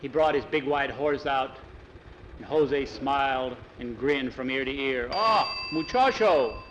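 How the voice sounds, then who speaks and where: A man telling a story aloud in a plain, unhurried, folksy way. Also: medium pitch, flat delivery. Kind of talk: oral storytelling. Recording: dull lo-fi, faint vehicle noise.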